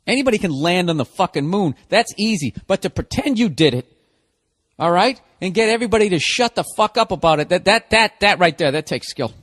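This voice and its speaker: A man's voice: sits high, expressive, fairly quick, fairly bright tone, no room sound, clean studio sound. Brief: exasperated male podcast host ranting with heavy profanity and sarcasm. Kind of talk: comedic rant.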